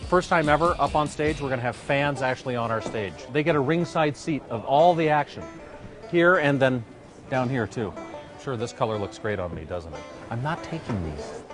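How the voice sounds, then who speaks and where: A man walks through a backstage area giving a playful, joking video blog tour. He points things out as he goes, in a casual manner. Guitar music plays clearly behind him. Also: mid-range voice, moderate pace. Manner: playful, jokey, pointing things out while walking. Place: backstage at an awards show venue.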